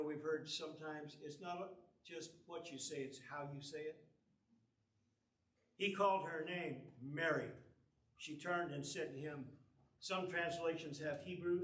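Male preacher, earnest sermon, high bright voice, miked from afar in a roomy church. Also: slight background noise. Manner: earnest, explanatory, reads scripture aloud. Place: church sanctuary. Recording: echoey church from far off.

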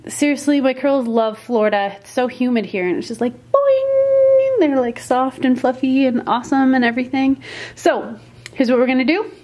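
A woman's voice: high-pitched, steady tone, a little fast, a little mellow. A woman vlogging casually about her vacation, chatty and playful, often laughing. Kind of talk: casual travel vlog. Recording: echoey room, faint noise.

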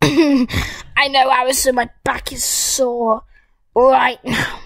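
Young gamer girl, high-pitched and dry-miked, excitable rambling game commentary to viewers. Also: takes it slowly, gravelly, dry recording, low-quality recording. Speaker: gaming YouTuber. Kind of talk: casual gameplay commentary.

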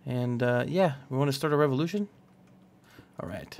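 A man's voice: mid-range voice, normal speed, darkish tone. A young man casually talking through a building game, rambling and poking fun at himself. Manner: rambling, self-mocking and jokey. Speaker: gaming channel host. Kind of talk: casual let's-play commentary.

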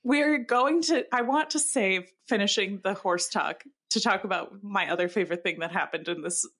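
A woman co-hosting a podcast in casual chat, emphatic and rushing through her asides. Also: medium pitch, fairly bright tone. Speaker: podcast co-host.

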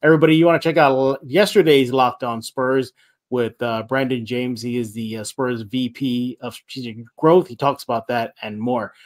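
Energetic sports podcast host, man. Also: medium pitch, normal speed. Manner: energetic, rambling, repeats himself. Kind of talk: sports podcast talk with read ads.

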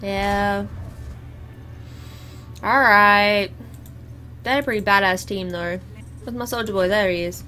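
A woman's voice: medium pitch, slow pace, pauses often, sharp tone, faint music behind. A young woman, chatting and exclaiming as she comments live on her own gameplay. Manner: chatty, exclaiming at the game, laughing. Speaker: gaming YouTuber.

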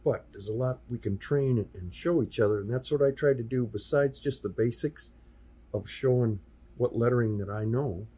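Man in his 60s, very husky and mellow, chatty studio interview guest who mimics the people he quotes. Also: mid-range voice, moderate pace. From US Midwest. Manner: anecdotal, acts out quoted dialogue in passing. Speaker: sign painter and workshop teacher, podcast guest. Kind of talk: casual interview storytelling. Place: podcast studio.

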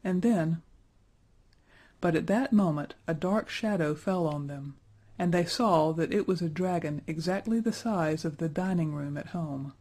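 A man narrates a fairy tale aloud, steady and even in his reading. His voice sits warm and mellow with a husky grain. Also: a little high, moderate pace, few pauses. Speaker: storyteller. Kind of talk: storybook narration.

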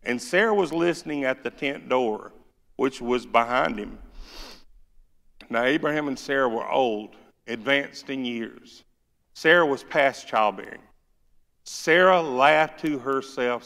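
Southern pastor, gravelly, folksy sermon delivery, church hall reverb. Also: male voice, mid-range voice, a little slow, a bit bright. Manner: folksy, joking, reads scripture with rising force. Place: church sanctuary.

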